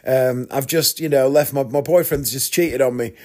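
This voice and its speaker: A man's voice: medium pitch, moderate pace, darkish tone, lightly acted. A man doing a coy young woman passenger.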